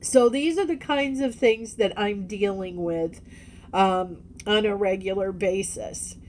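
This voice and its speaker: A woman talks slowly and frankly in a video diary, pausing and restarting as she goes. Her voice sits at a middling pitch. A faint rumble runs behind her. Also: darkish tone. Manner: candid, halting, with many restarts and fillers. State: tearful. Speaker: vlogger.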